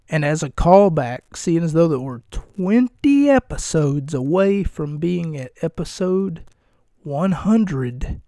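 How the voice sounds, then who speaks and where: Slow, gravelly podcast host man. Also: a little high, animated, dark tone, no echo, studio quality. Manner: wry, rambling, self-mocking and profane. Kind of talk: casual solo podcast recap and banter.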